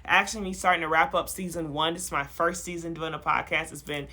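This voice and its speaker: A woman's voice: low voice, fairly even intonation, fast, pushed and bright. A woman hosting a casual podcast, talking in an upbeat, playful, slangy way. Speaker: podcast host.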